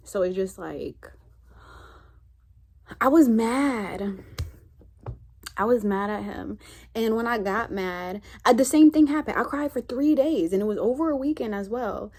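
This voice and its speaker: A spiritual vlogger talks candidly and reflectively to her viewers, rambling in a heartfelt, conversational way. Her voice is a little high, animated and a little slow, with long pauses, a darkish tone and a breathy edge.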